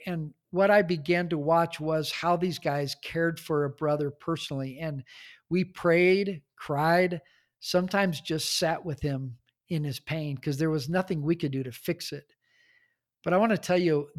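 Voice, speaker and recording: Earnest man telling church stories. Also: a little high. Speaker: church leadership author and guest. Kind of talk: podcast interview.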